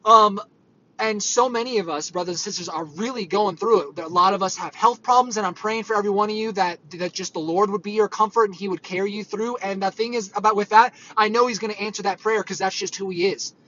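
Guy preaching casual and earnest, kinda rambly, bright tense voice, dull lo-fi sound. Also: sits high, fast, a little hiss or hum. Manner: earnest, conversational, rambling with fillers. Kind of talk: informal sermon. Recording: dull lo-fi audio.

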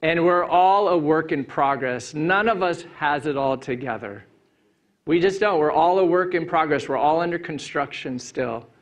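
A man pastoring a church congregation speaks into a handheld mic, his voice sitting somewhat high for a man. He is relaxed and playful, swinging from loud, lifted lines to low, quiet ones. He is middle-aged and preaches in a sanctuary. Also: normal speed. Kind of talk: Easter sermon with a joke.

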